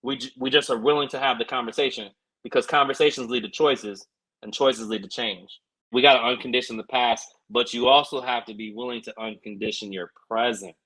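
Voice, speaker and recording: A man's voice: medium pitch, steady tone, a little fast, pushed and bright, poor audio. A man co-hosting a podcast, telling a personal story in an earnest, reflective way with plenty of fillers. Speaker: podcast co-host. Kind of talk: casual podcast chat.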